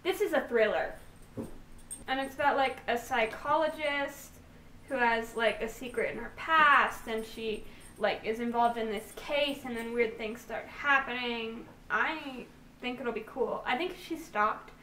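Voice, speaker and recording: A young woman with a fairly high voice chats in a bubbly, gushing way, rambling through fillers and restarts. She sounds a little distant from the mic, in an echoey room with a faint hiss behind her. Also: measured pace, pushed and bright. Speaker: book vlogger. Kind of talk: casual book haul chat.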